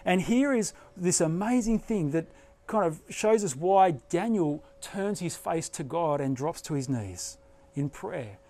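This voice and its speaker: High-voiced man preaching earnestly. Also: expressive, measured pace, dark tone. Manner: earnest, emphatic preaching with rising bursts. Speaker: pastor. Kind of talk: sermon.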